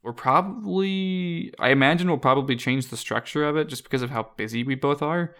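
A man's voice: on the high side, a little fast. A young man co-hosting a casual podcast, rambling through his thoughts with lots of fillers and frequent laughs. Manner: rambling, relaxed, laughs often, many fillers. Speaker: podcast co-host.

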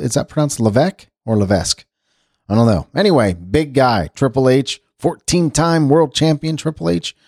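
A man's voice: mid-range voice, gravelly, darkish tone, slightly rough, no echo, studio quality. Chatty man hosting a casual radio show. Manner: chatty, rambling, self-correcting. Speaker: radio host. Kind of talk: casual talk radio segment.

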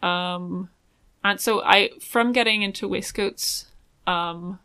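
Young woman, casual rambling chatter full of fillers, bright voice, dry close sound. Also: mid-range voice, fairly even intonation, takes it slowly, smooth, no echo. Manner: rambling, many ums and likes. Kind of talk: casual chat.

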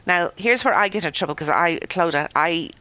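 A woman's voice: lowish voice, lively intonation, brisk, sharp tone, no echo, lo-fi sound. A woman hosting a podcast, chatting casually, laughing often and reading out a listener's email. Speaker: podcast host. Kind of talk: casual chat.

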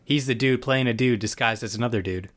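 A man's voice: medium pitch, a little fast, fairly bright tone. A man in casual podcast chat, loosely retelling a TV episode with restarts and asides. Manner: loose, rambling storyteller with restarts. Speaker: podcast co-host.

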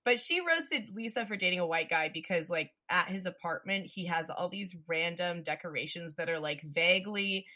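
A woman in casual conversation about a film, animated, often slipping into quoted lines from the characters. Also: lowish voice, moderate pace, hardly any pauses.

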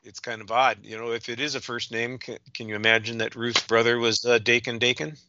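A man's voice: medium pitch, little pitch movement, a little fast, dull audio, noisy background. A man guesting on a casual movie podcast who talks in a wry, teasing way.

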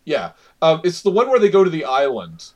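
A man's voice: fairly high pitch, huge pitch swings, brisk. A man co-hosting a casual podcast, rambling and correcting himself as he goes. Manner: rambling, self-correcting, frequent laughs. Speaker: podcast co-host.

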